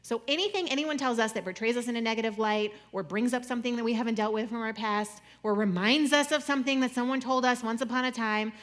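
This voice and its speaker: A young adult woman speaking to an audience in a conversational, jokey way, swinging between loud and soft. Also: a little high, quick pace, few pauses. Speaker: speaker giving a talk.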